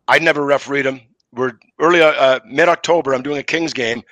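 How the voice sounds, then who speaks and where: A middle-aged man, a former referee, telling lively anecdotes on a podcast and acting out the quotes. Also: medium pitch, a little fast, dry recording, lo-fi sound. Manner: animated anecdotes, acts out quotes. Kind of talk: casual storytelling on a podcast.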